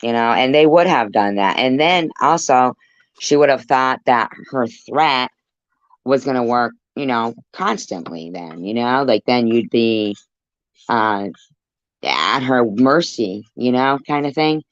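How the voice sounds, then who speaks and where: A woman hosting a casual live stream, relaxed and chatty, filling her sentences with "like" and "you know" as she relays the chat. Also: rumbling low, measured pace, no room sound. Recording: dull, slightly lo-fi sound.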